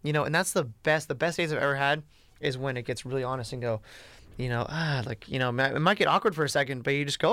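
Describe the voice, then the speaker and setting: A man's voice: mid-range voice, fast, a bit bright, no echo. A man talking casually and bluntly in a rambling way, with lots of "you know" and "like". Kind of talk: casual chat.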